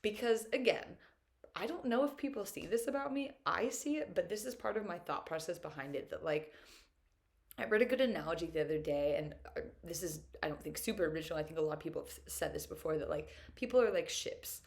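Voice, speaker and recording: A woman's voice: fairly low pitch, lively intonation, fast, gravelly. A young woman talking to camera in a casual reflective monologue, chatty and upbeat, full of filler words and open about her feelings. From United States. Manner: earnest and openly emotional at times. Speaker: vlogger.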